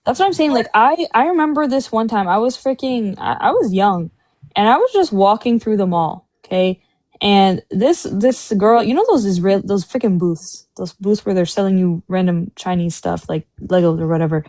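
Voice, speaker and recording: A woman from Palestine, a guest in a casual live debate, telling stories in an animated, chatty way and talking over others. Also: mid-range voice, moderate pace, no echo.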